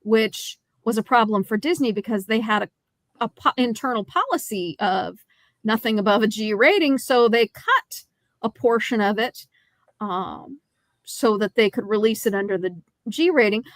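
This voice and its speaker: A woman's voice: a little high, expressive, no echo. Analytical woman co-host, dry sound. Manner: informative, analytical, measured. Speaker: podcast co-host. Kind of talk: casual movie review chat.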